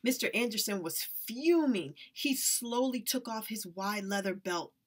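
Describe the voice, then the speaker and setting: Woman reading a story aloud, expressive. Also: fairly high pitch, a little slow, husky. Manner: expressive, lively narration. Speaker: reader.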